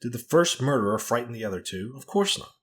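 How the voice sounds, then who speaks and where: A middle-aged woman who talks firmly and insistently, pressing her point with indignation, as a man puts her on. She sits somewhat higher and louder than the narrator's plain voice. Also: expressive, fast, lightly acted. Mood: indignant. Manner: insistent and forcible.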